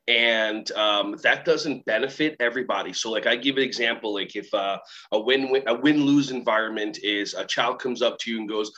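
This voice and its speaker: A man talking as a guest trainer, telling animated stories and acting out the voices of kids and teachers. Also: on the low side, normal speed, few pauses. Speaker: guest, workshop trainer and keynote speaker. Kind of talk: storytelling interview talk. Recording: slightly muffled recording.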